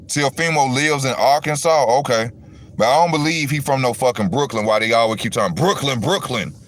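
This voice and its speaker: A man with a mid-range voice talks a little fast on a dry recording. He hosts a casual boxing talk livestream, rambling and swearing as he addresses his viewers directly.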